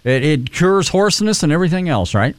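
Older male talk host from Texas, chatty and rambling, lively pitch. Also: brisk, no echo, clean studio sound. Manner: rambling, chatty, many fillers, joking. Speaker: fill-in radio talk host. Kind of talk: casual call-in radio chat.

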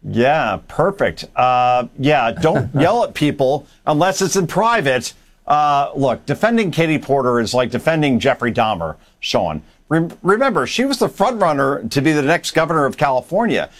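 A man's voice: a little high, very animated, moderate pace. A man giving blunt, hyperbolic political commentary as a guest on a talk radio show.

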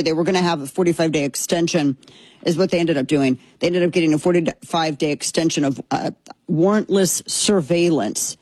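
A woman talks through political news in a loose, conversational way, doubling back on herself and adding wry asides. Her voice is slightly husky, recorded close and dry with no room sound. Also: sits low, darkish tone, no echo. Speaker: political commentary host. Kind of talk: casual political commentary.

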